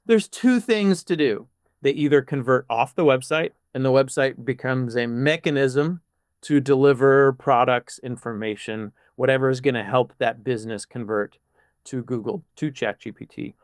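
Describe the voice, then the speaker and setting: A man guesting on a podcast as a product manager talks through ideas. His mid-range voice jumps up for emphasis in quick bursts. The sound is dry and close. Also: medium pitch, no echo. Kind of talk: casual podcast chat.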